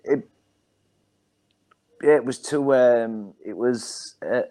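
A man's voice: mid-range voice, extremely slow, dark tone. A man in his forties with a Hull accent, a stand-up comedian telling rambling stories as a podcast guest. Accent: Hull, Yorkshire. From Hull, England. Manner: rambling anecdotes with many ums and self-repeats. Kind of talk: casual storytelling on a podcast.

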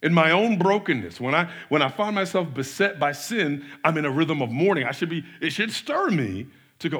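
A male pastor delivers a lively sermon, talking in a fairly high voice. He swings between loud, acted-out mini scenes and quieter, earnest points, often restarting his sentences. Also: moderate pace, hardly any pauses, slightly rough. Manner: animated, acts out quoted voices.

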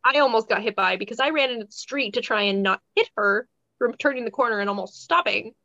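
Woman, podcast co-host, rambling storyteller, higher voice, dry dull mic sound. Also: fast talker, no echo. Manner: animated, rambling, laughs while telling. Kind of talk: casual chat storytelling.

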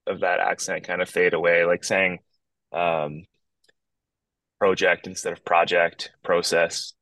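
A very low-voiced man from Northern Ontario in a relaxed, rambling podcast chat, often restarting his sentences. He talks from his backyard over a video call. The sound is dry and close. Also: normal speed, dry recording, rough recording. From Northern Ontario, Canada. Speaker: guest musician.

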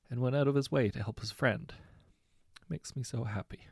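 Gravelly-voiced man telling anecdotes. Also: medium pitch, normal speed, dry recording, studio quality. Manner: relaxed, conversational storytelling with self-corrections. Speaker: story narrator. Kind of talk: reading short anecdotes aloud.

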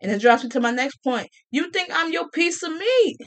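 A woman ranting casually to her viewers, sassy and animated, with colloquial speech, repeated words and mocking quoted voices. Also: extremely high pitch, normal speed. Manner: colloquial, with many restarts and repeats. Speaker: vlogger. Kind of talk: casual rant to camera.

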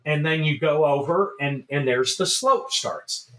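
A middle-aged man co-hosting a casual show, telling a long story in an animated way, swearing and laughing as he goes. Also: on the high side, measured pace. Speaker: podcast co-host.

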